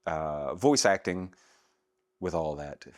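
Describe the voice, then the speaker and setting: A middle-aged man from Atlanta, Georgia, working as a voice actor, telling stories in a relaxed way in a casual interview and laughing easily. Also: rumbling low, slow pace. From Atlanta, Georgia, USA. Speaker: guest, voice actor.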